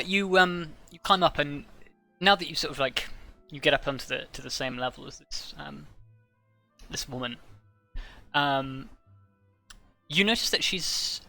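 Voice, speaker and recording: A male game master narrating a fantasy tabletop game, halting and full of restarts. His voice is very bright, with faint music underneath. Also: on the high side, creaky. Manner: halting, many fillers and restarts.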